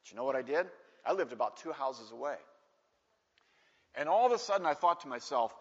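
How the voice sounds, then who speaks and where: A man preaching a sermon through a personal story, animated and acting out the voices of the people in it, in a large church hall. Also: mid-range voice, brisk, pauses often. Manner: animated, acts out voices in stories. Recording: dull echoey hall recording.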